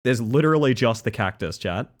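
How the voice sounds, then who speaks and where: A young man chatting casually with his livestream audience, swinging between nervous mumbling and excited high outbursts. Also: brisk. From Western Australia.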